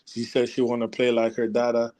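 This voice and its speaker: A young man co-hosting a sports talk show, talking in a relaxed, casual way and laughing often. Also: medium pitch, fairly quick. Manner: laid-back, laughs often. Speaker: podcast co-host.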